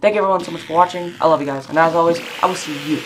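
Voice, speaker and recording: A reaction video host giving casual commentary with chatty, quick asides. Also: mid-range voice, background noise.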